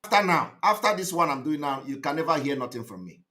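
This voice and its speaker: A man hosting an online show, delivering an impassioned commentary with repeated phrases and sudden loud outbursts. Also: lively intonation, fast talker. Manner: emphatic, repetitive, swings between loud outbursts and low asides.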